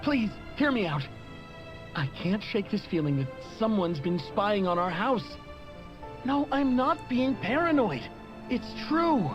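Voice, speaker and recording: A woman's voice: mid-range voice, very animated, measured pace, lo-fi sound, over music. An actress voicing a frightened woman who pleads anxiously in a game recording. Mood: anxious pleading. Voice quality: anxious, insistent.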